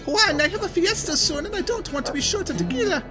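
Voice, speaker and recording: A man's voice: very high-pitched, expressive, fast talker, over music, voice pushed up. A man reading village characters' lines from a game aloud, putting on playful voices.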